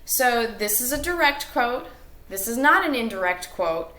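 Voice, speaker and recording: A woman's voice: on the high side, animated, unhurried, sharp tone. Woman teacher in an echoey room. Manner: explains step by step with fillers and self-corrections. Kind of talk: recorded classroom lesson.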